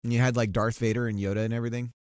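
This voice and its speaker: A man's voice: mid-range voice, level tone, rapid-fire, darkish tone, clean tone, no room sound, studio quality. A man chatting casually on a livestream while working on a game, rambling and laughing often, with many restarts. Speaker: streamer.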